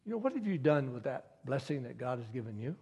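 A man's voice: medium pitch, big pitch swings, quick pace, darkish tone, husky. A man preaching a sermon, telling stories and building to emphatic appeals to his listeners. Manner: storytelling, rising to emphatic appeals. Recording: long hall reverb.

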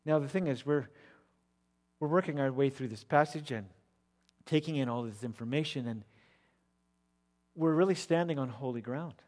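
A man preaching an expository sermon, emphatic and rising to loud declamation when he repeats words. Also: mid-range voice, moderate pace, long pauses. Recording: long reverb of a large hall.

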